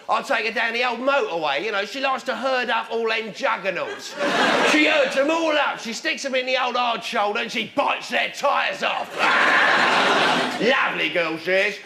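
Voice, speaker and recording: A comedian playing a brash, boastful young London working man with a London accent, shouting his brags at a laughing studio audience. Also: very high-pitched, lively intonation, moderate pace, creaky, heavy background noise, full character voice. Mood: bragging. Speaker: comedian doing a character monologue. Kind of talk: stand-up character comedy. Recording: echoey studio with a roaring crowd.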